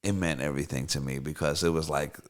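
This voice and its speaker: A man's voice: rumbling low, steady tone, fast talker. A man who is a songwriter and producer, talking as a guest in a casual interview, rambling with fillers, restarts and swearing. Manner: loose, rambling, profane, many fillers and restarts.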